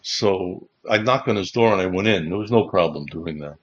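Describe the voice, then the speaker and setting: A man's voice: low-pitched, moderate pace, slight background noise. A man, a chaplain hosting a Bible livestream, telling rambling stories in a casual way, with many restarts. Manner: rambling, restarts, chuckling as he recalls. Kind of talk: casual anecdotal storytelling. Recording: dull lo-fi stream audio.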